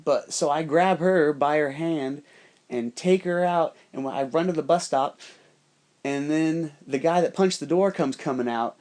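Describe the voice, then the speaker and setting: A man's voice: a little high, measured pace. Profane rambling male storyteller. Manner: profane, rambling, animated quoting of others. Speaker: podcast storyteller. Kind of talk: casual storytelling monologue.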